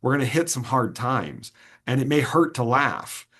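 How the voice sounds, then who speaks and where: Earnest guy in an interview, mid pitch, keeps restarting, kinda halting. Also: lively intonation, fairly bright tone, slightly rough. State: choked up. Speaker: interview guest, sword swallower and performer. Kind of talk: reflective interview answers.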